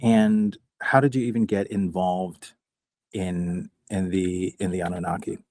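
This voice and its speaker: A man's voice: low-pitched, fairly even intonation, a little slow, darkish tone, no echo, studio quality. A man hosting a live online talk space, chatty and joking, often restarting his sentences. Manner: chatty, joking, repeats words as he starts. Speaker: host.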